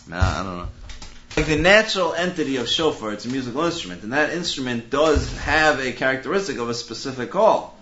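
A man's voice: medium pitch, sharp tone. A man giving a Talmudic lecture, reasoning aloud analytically and restarting phrases as he works through the logic. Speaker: Talmud teacher. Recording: dull lo-fi recording with faint hiss.

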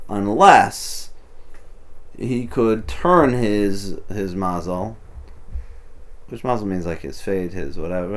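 A man teaching an informal text study, translating passages and explaining them as he goes, often restarting and adding "you know". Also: fairly low pitch. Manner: thinks aloud, restarts, many "you know"s. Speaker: Torah teacher.

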